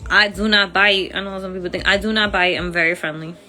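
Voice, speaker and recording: A woman's voice: mid-range voice, fairly even intonation, brisk, sharp tone, soft background music. A woman with an accent hosting a casual phone livestream, chatty and friendly, using informal slang. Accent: accented English. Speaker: livestream host.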